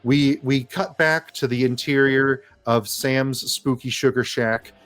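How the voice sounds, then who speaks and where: Lively, swearing male game master. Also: mid-range voice, a little slow. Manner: lively, swearing, laughing narration. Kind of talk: narrating a comedy tabletop game.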